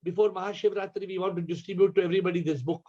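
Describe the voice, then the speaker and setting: Racing along in a high, steady but dark-toned voice, a spiritual teacher with an Indian English accent fires repeated questions at his audience. His talk comes through a video call with dull lo-fi sound.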